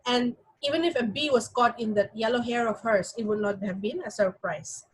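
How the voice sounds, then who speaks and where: Husky-voiced woman teaching English. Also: fairly high pitch, moderate pace, rough recording. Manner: explanatory, checks in with the class often. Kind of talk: reading and explaining a story to a class.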